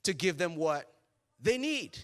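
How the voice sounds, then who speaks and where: Here a pastor's voice sits high as he preaches at a measured pace in a church auditorium. He recounts the story in an animated, conversational style, performing the characters and checking in with those listening.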